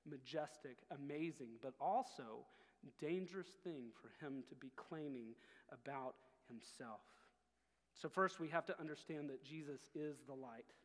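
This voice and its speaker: A man preaching a sermon as pastor, earnest, dropping low and quiet on key phrases. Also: long reverb tail.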